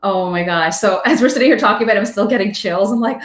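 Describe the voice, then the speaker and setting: A woman reporter chats as a podcast guest, and her stories come out animated, with quick jumps to a high voice when she quotes people. Her voice has a middle pitch for a woman. The room around her is echoey. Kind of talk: casual interview talk.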